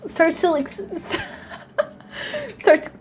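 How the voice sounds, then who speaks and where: A young woman VTuber chatting on a live stream, excitable, squealing and giggling as she thanks her viewers. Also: extremely high pitch, takes it slowly, heavy background noise.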